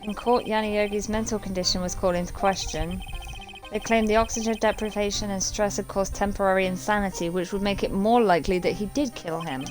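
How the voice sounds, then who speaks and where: A woman's voice: mid-range voice, steady tone, brisk, natural voice. Woman reading a shaken middle-aged man, subdued storytelling, over game music. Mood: somber. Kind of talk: reading game dialogue aloud.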